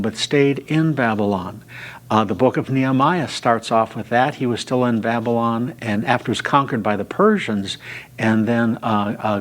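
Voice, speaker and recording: A man teaching a Bible study, retelling scripture stories at an unhurried pace with frequent filler sounds. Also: medium pitch.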